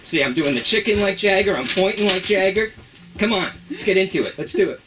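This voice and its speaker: A man's voice: high-pitched, animated, brisk, noisy background. A man co-hosting a radio show in a studio, bantering playfully and theatrically. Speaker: radio co-host.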